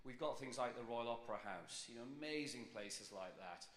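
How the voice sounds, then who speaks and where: A middle-aged British man with a London accent addresses students at a ceremony, enthusiastic and chatty. His voice is bright and forceful. It rings out with long reverb across a big hall. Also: mid-range voice, animated, fairly quick, a little hiss or hum. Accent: British English, London. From Britain. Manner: enthusiastic, chatty, building to cheers. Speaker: civic official giving a speech. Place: large hall with audience.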